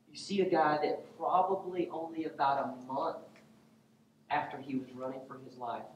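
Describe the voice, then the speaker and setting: Animated preacher man, echoey church. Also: fairly high pitch, distant mic, a little hiss or hum. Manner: animated, humorous storytelling preacher. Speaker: pastor. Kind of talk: sermon. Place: church sanctuary.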